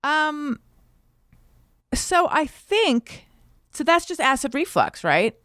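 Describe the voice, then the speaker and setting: A woman hosting a podcast in casual chat, chatty and quick to chime in. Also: high voice, big pitch swings, a bit bright, no echo, studio quality. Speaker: podcast host.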